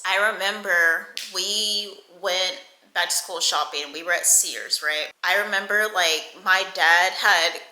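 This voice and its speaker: A woman's voice: on the low side, bright, forceful tone. A young woman casually retelling a personal story, candid and profane, acting out the people she quotes. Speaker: storytime vlogger. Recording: echoey room.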